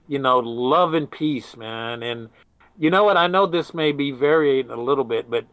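A man's voice: medium pitch, moderate pace, a bit bright, clean tone, no echo, highs cut off. An older man telling stories in a casual interview, rambling with many restarts and often saying "man". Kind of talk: casual storytelling.

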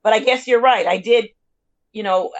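A woman's voice: on the high side, moderate pace, lo-fi sound. A woman in her sixties, a teacher, talking reflectively in a casual conversation, self-deprecating and often laughing.

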